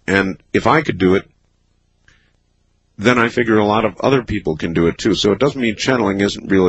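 A man hosting a late-night call-in radio show, talking in a dry, skeptical, measured way. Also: low voice, fairly bright tone, slightly rough, no echo, rough recording. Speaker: radio talk show host. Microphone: studio microphone.

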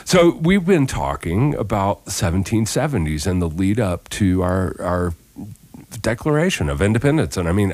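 A deep-voiced man hosts a morning radio show, talking in a loose, chatty way. His pitch swings widely as he talks, and the studio sound is dry and close. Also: no room sound. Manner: animated, loose and chatty, with fillers. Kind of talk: casual radio chat. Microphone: studio microphone.

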